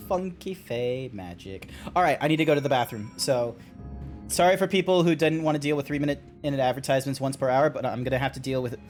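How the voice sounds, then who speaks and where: A man's voice: mid-range voice, fairly quick, a little mellow, faint music behind. A man streaming a video game, chatting casually with his viewers.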